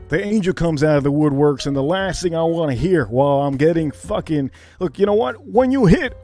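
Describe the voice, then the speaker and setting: A man hosting a livestream, telling a story in a casual, profane, animated way and acting it out. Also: a little high, fairly quick, faint music behind. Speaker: livestream host.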